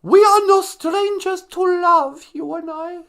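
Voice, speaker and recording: A man's voice: slow pace, fairly bright tone, full character voice. A man doing a mocking impression of a whiny, tearful young female climate activist. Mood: wailing. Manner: shrill, wailing, mocking.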